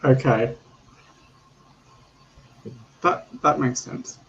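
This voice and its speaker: A man's voice: mid-range voice, very slow, gravelly, a bit bright. A man chatting while he draws, with dry self-deprecating humour. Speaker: artist on the stream. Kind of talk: casual chat while drawing. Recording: dull lo-fi call audio, faint noise.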